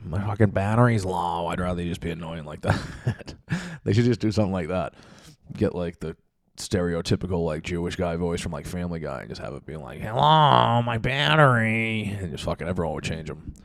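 A man's voice: deep voice, steady tone, quick pace, a little mellow, no echo, clean studio sound. A man hosting a podcast, rambling in a casual, profane and self-mocking monologue from his home basement. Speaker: podcast host.

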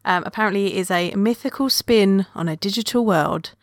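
Relaxed woman chatting on a podcast. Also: medium pitch, a little fast, dry recording, clean studio sound. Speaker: podcast co-host. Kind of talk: casual podcast chat.

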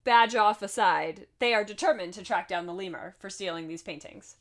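A woman's voice: medium pitch, normal speed. Sex: woman. Role: podcast co-host. Style: casual chat recapping a film. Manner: chatty and laughing, with asides.

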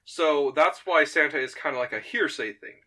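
Animated, rambling man. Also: fairly high pitch, normal speed. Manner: animated, rambling, laughs often. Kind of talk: casual chat, retelling a fan script.

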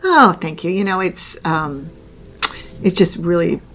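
A woman's voice: fairly low pitch, lively intonation, measured pace, a bit bright, slight background noise. A woman co-hosting a podcast, chatting casually, laughing often and restarting her sentences. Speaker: podcast co-host. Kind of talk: casual chat.

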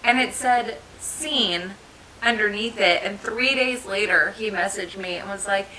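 A woman's voice: mid-range voice, unhurried, sharp tone, slight background noise, poor audio. A woman in her thirties from New Jersey, chatting and telling stories on a podcast, laughing often. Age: 30s. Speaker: podcast co-host. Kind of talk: casual chat.

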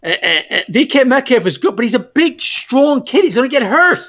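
A man co-hosting a podcast in casual sports chat, emphatic and animated, often checking that his point lands. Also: very high voice, normal speed, muffled recording. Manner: emphatic, animated, keeps asking "you know what I mean". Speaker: podcast co-host.

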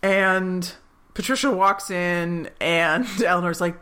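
A woman co-hosting a podcast, chatting casually as she recaps a TV episode, with many asides and quick laughs. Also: fairly low pitch, a bit bright. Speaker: podcast co-host.

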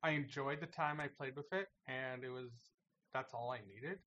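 A man's voice: medium pitch, normal speed, sharp tone, highs cut off, slight background noise. A man in casual podcast chat about games, earnestly explaining his reasons.

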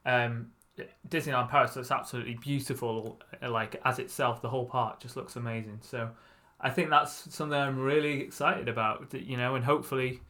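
A man's voice: mid-range voice, steady tone, fairly quick, hardly any pauses, bright, forceful tone. A man co-hosting a podcast, talking casually with frequent restarts. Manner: chatty, stumbling restarts. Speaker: podcast co-host.

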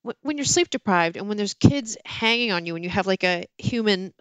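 A middle-aged woman, an author guest in a casual interview, telling candid stories about her marriage with lively, self-mocking asides. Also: mid-range voice, a little fast, clean tone, no echo.

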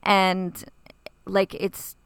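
A woman's voice: medium pitch, monotone, drawn-out words, creaky, a bit bright, smooth, dry recording. A woman co-hosting a podcast, chatting casually and gushing with enthusiasm. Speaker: podcast co-host. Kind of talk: casual chat.

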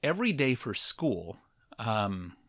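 A man's voice: lowish voice, very animated, slow pace, fairly bright tone, dry recording, studio quality. A middle-aged man, a podcast co-host, telling a childhood story in casual chat, rambling with fillers and restarts.

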